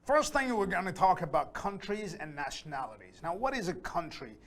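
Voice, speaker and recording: A man teaching a beginner English lesson, speaking slowly and carefully and repeating words so learners can hear the pronunciation. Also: sits high, very animated, fairly bright tone.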